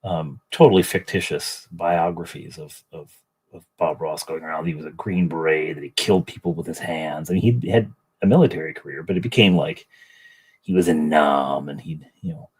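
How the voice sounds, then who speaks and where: A middle-aged man talks casually on a livestream, rambling and joking at his own expense. His voice is deep and a little husky. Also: moderate pace, a little mellow, low-quality recording. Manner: rambling, self-deprecating, joking. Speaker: livestream host. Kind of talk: casual chat while painting miniatures.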